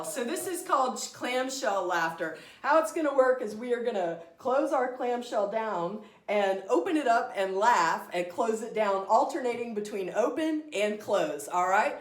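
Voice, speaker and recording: A woman's voice: fairly high pitch, expressive, measured pace, few pauses, echoey room. A woman leading an online laughter yoga class, coaxing the group through exercises and breaking into laughter herself. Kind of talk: guided group exercise instruction.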